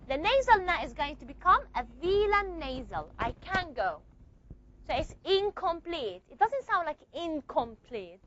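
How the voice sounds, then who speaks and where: A woman teaching a phonetics lesson in class, asking questions and answering them herself, and stretching key words slowly. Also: very high voice, pushed and bright. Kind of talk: classroom lecture. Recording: dull lo-fi recording.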